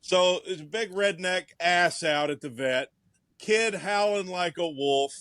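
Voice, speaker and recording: A man's voice: high voice, measured pace, fairly bright tone, dry recording. A man co-hosting a podcast in casual chat over a video call, talking music and telling stories. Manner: chatty, storytelling. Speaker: podcast co-host.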